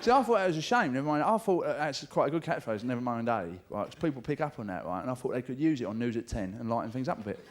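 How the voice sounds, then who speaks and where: A man with a London accent doing a live stand-up routine in a theatre, cheeky and full of swearing, often shouting out mimicked voices. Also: mid-range voice, animated, rapid-fire, few pauses. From England. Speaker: stand-up comedian. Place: large theatre stage with audience. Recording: theatre show taped with audience noise.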